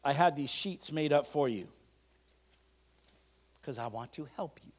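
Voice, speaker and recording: A pastor preaching a sermon, leading the congregation in call-and-response and reading declarations slowly and emphatically. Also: male voice, on the high side, expressive.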